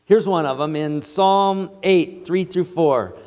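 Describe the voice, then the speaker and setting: A man's voice: fairly high pitch, slow pace, darkish tone, long reverb tail. A male pastor preaching a sermon in an earnest, emphatic way, in a church sanctuary.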